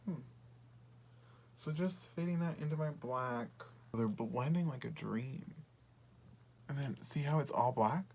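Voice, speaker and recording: A man chatting casually through a makeup tutorial, often dropping to a soft half-whisper while he works. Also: medium pitch, unhurried, vocal fry, long pauses. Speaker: beauty vlogger.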